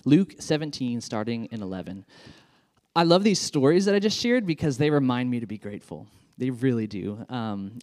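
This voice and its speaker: Man, children's pastor, sermon, enthusiastic, conversational, lots of fillers, medium pitch. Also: darkish tone.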